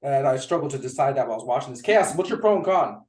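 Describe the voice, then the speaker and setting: A man's voice: mid-range voice, animated, very fast, a little mellow. A man hosting a casual podcast chat, teasing his co-hosts and steering the talk. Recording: echoey room.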